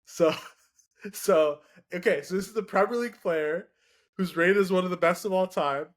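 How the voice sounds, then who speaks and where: A man's voice: sits high, moderate pace. A man with a slightly raised voice argues his football picks on a casual sports podcast. He builds his case with stats, and his talk is full of "like" fillers and restarts. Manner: argumentative, lots of "like" fillers. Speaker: podcast co-host.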